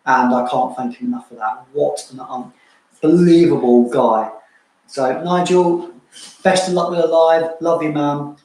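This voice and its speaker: A man's voice: fairly high pitch, unhurried. A man co-hosting a casual livestream chat, joking and thanking viewers by name. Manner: chatty, jokey, thanks viewers warmly by name. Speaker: co-host of a fragrance channel livestream. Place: room at home. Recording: very echoey room.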